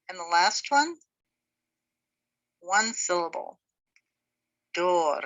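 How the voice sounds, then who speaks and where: This Hebrew teacher's voice sits on the low side, bright and forceful, and she speaks very slowly and animatedly, pausing often. She sounds out words syllable by syllable for a beginners' class, and the sound is lo-fi.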